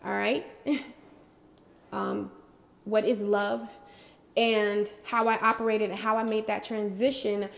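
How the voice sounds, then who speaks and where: A woman's voice: medium pitch, level tone, slow pace, gravelly, long pauses. A woman vlogger giving a casual, bubbly spiritual pep talk to her viewers, slangy and affectionate, laughing often. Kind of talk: casual motivational talk to camera.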